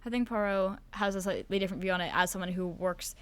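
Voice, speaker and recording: Smooth-voiced teen girl, thoughtful. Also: medium pitch, fairly even intonation, quick pace. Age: teens. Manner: thoughtful, hesitant with fillers. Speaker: student actor, interview guest. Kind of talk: casual chat on a school podcast.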